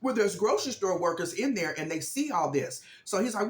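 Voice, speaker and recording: An expressive, mid-range female voice, a little fast, with a roomy sound. She recaps a movie in a chatty vlog, voicing the characters' lines with emphasis and often saying things like "um" and "this, this, and that."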